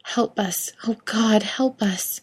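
A woman's voice: on the low side, steady tone, fairly quick, close to an everyday voice. A woman reading a compassionate young officer. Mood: desperate whisper. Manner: light, gently teasing.

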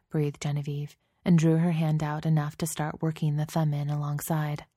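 A woman narrating a scripted story in a steady, intimate reading voice, close to the mic. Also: low-pitched, normal speed, hardly any pauses, dry recording.

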